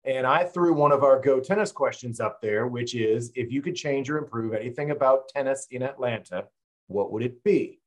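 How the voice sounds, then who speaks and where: A man's voice: mid-range voice, moderate pace. Laid-back man co-hosting a chat. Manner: relaxed, loose and rambling. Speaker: podcast co-host. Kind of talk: casual chat.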